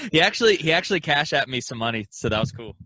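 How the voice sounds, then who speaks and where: A man's voice: fairly high pitch, sing-song, fast talker, bright, forceful tone, dry recording. A young man co-hosting a podcast, talking in a laid-back, rambling way with plenty of fillers and laughs. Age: young adult. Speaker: podcast co-host. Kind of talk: casual chat.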